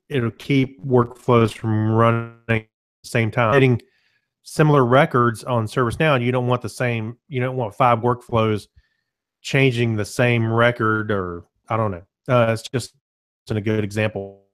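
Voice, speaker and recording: A man casually presenting a software demo on a web call, explaining in a loose, self-correcting way and often clearing his throat. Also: mid-range voice.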